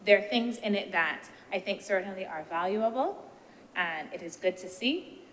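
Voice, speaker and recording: Woman senator, measured debate speech. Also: medium pitch, fairly bright tone. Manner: measured, deliberative, poses rhetorical questions. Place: senate chamber. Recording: reverberant chamber with faint background noise.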